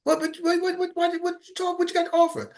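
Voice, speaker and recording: A man voicing a gruff, impatient older man answering a sales call, barking pushy questions. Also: very high-pitched, completely flat delivery, quick pace, voice pushed up.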